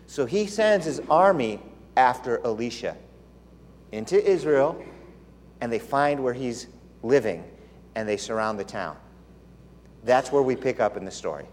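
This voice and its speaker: A man's voice: mid-range voice, lively intonation, a little slow, long pauses, a little hiss or hum. A man preaching a sermon in a conversational storytelling way, with playful asides. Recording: long hall reverb.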